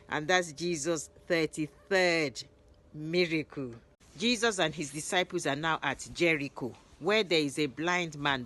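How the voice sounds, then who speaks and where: A woman narrating Bible stories in a lively retelling, raising her voice for the quoted lines. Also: low-pitched. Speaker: Bible storyteller.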